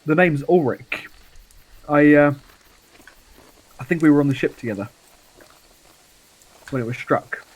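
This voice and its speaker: A man voicing a male dwarf sports player in a tabletop role-play, speaking in his own plain voice with halting, hesitant phrasing. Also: a little high, low-quality recording. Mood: resigned.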